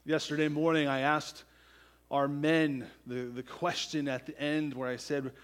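A pastor preaching a sermon in a slightly high male voice. He drives his points home with emphasis and keeps tossing in "right?" to his listeners. His volume swings from forceful declarations down to near-quiet. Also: flat delivery, unhurried.

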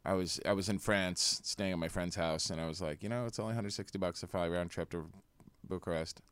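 A man guest telling stories in a casual studio chat, animated. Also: sits low, fairly quick, smooth, dry recording. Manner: animated storyteller.

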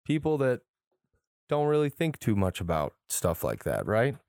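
A young man co-hosting a casual podcast, telling a story in an animated, profane way. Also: mid-range voice, normal speed, vocal fry, dry recording. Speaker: podcast co-host. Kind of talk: casual chat.

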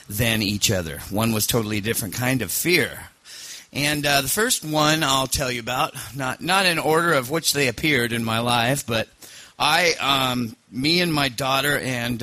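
Bright-voiced man telling a rambling story. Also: mid-range voice, no echo. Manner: rambling, many fillers and restarts, animated. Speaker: podcast host. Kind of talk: casual storytelling.

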